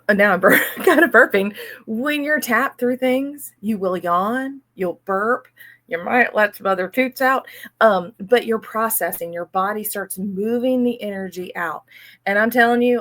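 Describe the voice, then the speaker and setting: A woman hosts her own channel about money mindset and talks to the viewer in a chatty, upbeat way. Her pitch sits in an ordinary middle range. Now and then she eases into a soft, slow voice to guide a breathing exercise. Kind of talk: casual personal talk to camera.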